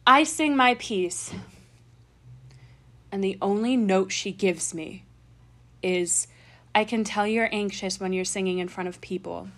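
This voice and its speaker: A young woman in casual chat, telling a story in a rush of excitement. She swears freely and laughs as she talks. Her voice sits in a middle pitch. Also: measured pace, pauses often.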